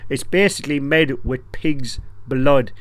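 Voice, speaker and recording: Irish guy in his thirties, chatty home-cook vlogger, jokey and slangy, mid-pitched voice. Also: a little slow. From Ireland. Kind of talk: casual cooking vlog chat.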